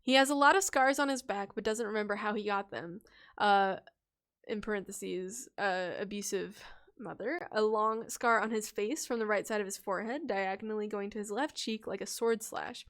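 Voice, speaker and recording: A woman's voice: medium pitch, normal speed, fairly bright tone. A woman hosting a casual livestream, reading viewers' character stories aloud in a chatty, playful way. She laughs often, stumbles over her reading and corrects herself.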